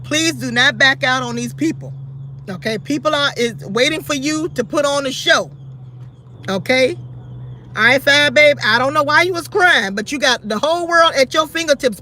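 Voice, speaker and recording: A woman's voice: high voice, animated, normal speed, sharp tone. A woman hosting her own channel, giving blunt, sassy commentary and scolding other creators directly. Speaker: YouTube channel host.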